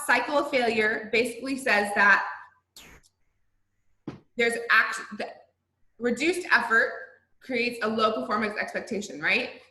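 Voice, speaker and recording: A woman's voice: a little high, sharp tone, reverberant, rough recording. A woman, a college instructor, giving a recorded online lecture in a conversational way, often checking in with her students. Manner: conversational, checks in with "right?" and "okay?". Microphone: video call.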